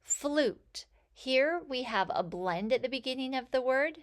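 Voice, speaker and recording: A woman teaching a phonics lesson, sounding out letters and words with slow, clear enunciation. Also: fairly high pitch, animated. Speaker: reading teacher.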